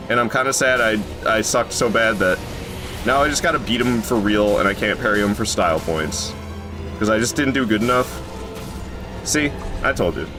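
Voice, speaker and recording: A man streaming a video game, chatting casually with his viewers and joking, who jumps into high yelps when something surprises him. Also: moderate pace, music in the background. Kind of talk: casual live gameplay commentary.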